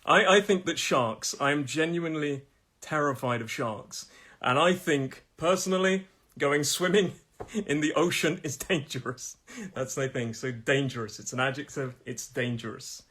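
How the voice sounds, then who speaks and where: A man's voice: on the high side, a bit bright. Chatty British man teaching pronunciation. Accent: British English. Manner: chatty, repeats words slowly with stress, laughs often. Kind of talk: live-streamed language lesson. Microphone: phone.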